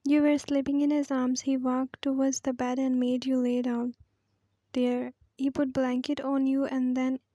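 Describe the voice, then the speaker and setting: A woman reads a fan fiction story in a soft, often whispery manner. Her voice is high and flat, with a mellow tone. The sound is dry and close. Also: a little slow, no echo. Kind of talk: second-person fan fiction reading.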